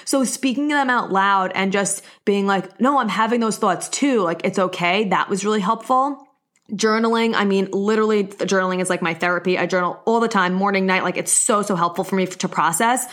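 A woman's voice: medium pitch, a little fast, fairly bright tone. Chatty young woman sharing openly. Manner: chatty, open, leans heavily on "like"; earnest and encouraging. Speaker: solo podcast host. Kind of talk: casual personal monologue.

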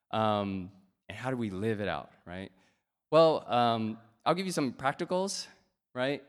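A man preaching a sermon in a conversational way, often checking in with "right?" and pausing on fillers. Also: mid-range voice. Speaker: pastor.

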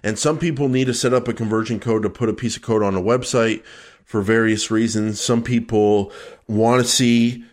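A man's voice: on the low side, fairly even intonation, normal speed. A man co-hosting a casual podcast, answering a listener's question in a loose, playful, rambling way. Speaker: podcast co-host.

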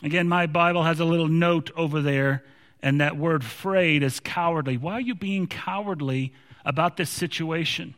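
A man's voice: fairly high pitch, moderate pace, fairly bright tone, big-room sound. A man preaching a sermon in an emphatic way, sometimes repeating words as he restarts.

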